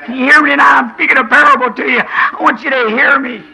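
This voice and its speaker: A man preaching a sermon to a congregation, fervent, dropping to quiet asides and then crying out in shouts, with questions thrown to the listeners. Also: extremely high pitch, steady tone, fast talker, gravelly, rough recording.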